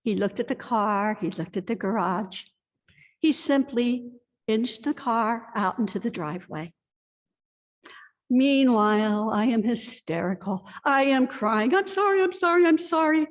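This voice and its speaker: A woman pastor giving a sermon, telling a personal story with earnest, confessional warmth. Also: medium pitch, unhurried. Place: church sanctuary. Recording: long reverb of a church hall.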